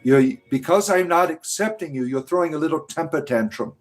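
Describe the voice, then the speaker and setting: A man with a voice a little higher than most hosts a casual livestream, answering his chat with sarcasm and scorn. Faint music plays under him. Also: expressive, fairly quick.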